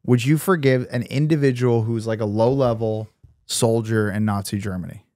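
A man's voice: mid-range voice, normal speed, dark tone. A young man co-hosting a podcast, joking and laughing through casual banter and slipping into mock voices. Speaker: podcast co-host.

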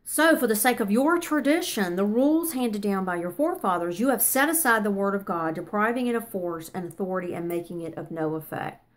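A woman teaching a neighborhood Bible study in an earnest, conversational way. She reads scripture aloud and then explains it plainly. Her voice sits at an ordinary middle pitch. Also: animated, fairly quick, hardly any pauses.

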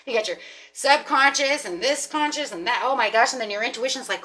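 A woman giving a casual tarot reading, animated and chatty, often repeating and restarting words as she thinks aloud, with the odd casual swear. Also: sits high, brisk. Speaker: tarot reader.

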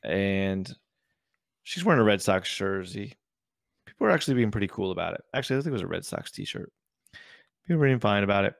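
A man's voice: lowish voice, lively intonation, fairly quick, creaky, pauses often, dry recording, clean studio sound. A man co-hosting a podcast, telling stories in casual chat and drawing out key words. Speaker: podcast co-host.

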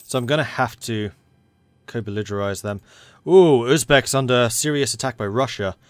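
A man's voice: medium pitch, normal speed, no echo. A man commentating a strategy game, thinking aloud and talking to the game's factions as he plays. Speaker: gaming channel host.

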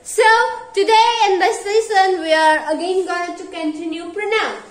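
A woman's voice: extremely high pitch, normal speed. A woman teaching an English grammar lesson, explaining step by step and repeating key phrases. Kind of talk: classroom-style grammar lecture. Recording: roomy echo.

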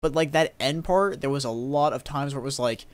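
A man's voice: medium pitch, fairly quick. A young man and YouTube gaming creator, talking casually to camera in a rambling, upbeat way with frequent laughs.

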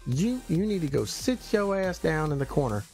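Man, gravelly, livestream host; teasing and indignant rant. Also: fairly high pitch, big pitch swings, moderate pace, darkish tone, faint music behind. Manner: ranting, teasing, exaggerated indignation.

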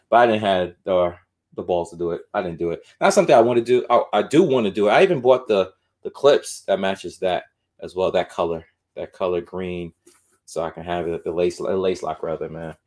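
A man's voice: lowish voice, a little mellow. Winded man chatting through a sneaker stream. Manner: loose and chatty, drifts between sing-song muttering and explaining. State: winded, out of breath. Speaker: sneaker collector streaming live. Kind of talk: casual live-stream chat. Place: home room full of shoes.

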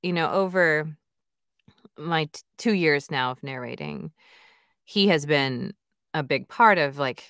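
A woman's voice: low voice, animated, slow pace, pauses often, fairly bright tone, no room sound, clean studio sound. A woman audiobook narrator and author chatting in an interview, enthusiastic and full of fillers. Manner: chatty and enthusiastic, many "like" and "you know" fillers. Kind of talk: casual interview chat.

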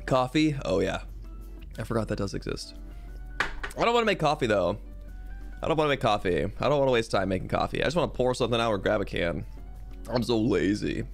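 A young man streaming a game, talking to his chat in a goofy, rambling way. His pitch leaps around a lot as he jokes and complains. Faint music plays underneath. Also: animated, fairly quick, gravelly, long pauses.

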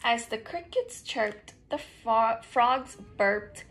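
A woman teacher reading a picture book aloud to children in a gentle, expressive way. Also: on the high side, very slow, hardly any pauses, faint music behind.

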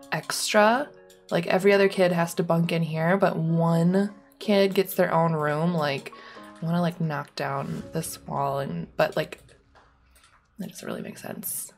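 A woman's voice: lowish voice, fairly even intonation, a little slow, vocal fry, soft background music. A young woman giving rambling, casual commentary on her own gameplay, full of ums and likes. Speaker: gaming YouTuber.

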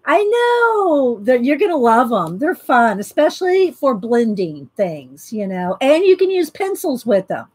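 A woman's voice: fairly high pitch, very animated, moderate pace, hardly any pauses, a little mellow, slightly rough. A woman hosting a casual livestream from her home art studio, greeting viewers by name and rambling with fillers. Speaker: livestream host. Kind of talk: casual live-stream chat.

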